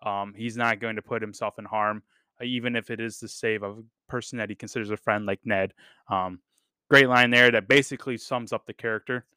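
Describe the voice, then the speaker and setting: Male podcast host, casual enthusiastic reviewer, filler-heavy delivery; bright, smooth tone. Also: on the low side, fairly even intonation, a little fast, dry recording, studio quality. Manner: rambling, enthusiastic, many fillers and casual swearing. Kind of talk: casual chat.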